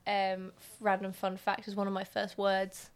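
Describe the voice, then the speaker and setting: A woman's voice: medium pitch, monotone, moderate pace, smooth. A young woman co-hosting a podcast, telling stories chattily and giggling often. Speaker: podcast co-host. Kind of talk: casual chat.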